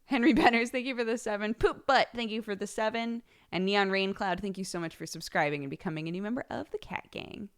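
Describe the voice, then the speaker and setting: A woman's voice: mid-range voice, quick pace, hardly any pauses, smooth. A woman live streamer chatting casually, laughing often and reading out thank-yous to her subscribers.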